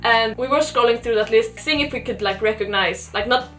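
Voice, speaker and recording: A young woman from Sweden chats as a podcast co-host, her voice sitting fairly high. She tells stories in a lively way, giggling often. Soft music plays faintly behind her. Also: fairly quick. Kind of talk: casual storytelling chat.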